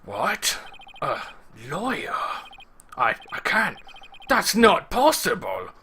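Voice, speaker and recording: A stern young court guard in a video game barks at a stranger to clear off, as a man reads his lines. The voice is gruff and dismissive, with a very bright, sharp edge. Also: high voice, wildly swooping pitch, slow pace, slight background noise, voice pushed up, heavily acted. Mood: shocked.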